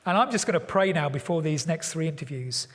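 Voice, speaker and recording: Brief: middle-aged preacher, high voice, playful storyteller, echoing hall. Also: male voice, a little fast. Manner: lively storyteller with playful asides. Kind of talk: storytelling sermon. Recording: long hall reverb.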